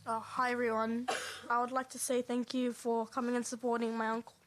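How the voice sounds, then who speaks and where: A woman giving a eulogy for her uncle at a family funeral service in a chapel. She speaks softly and evenly, with long pauses. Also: fairly high pitch, flat delivery, slight background noise.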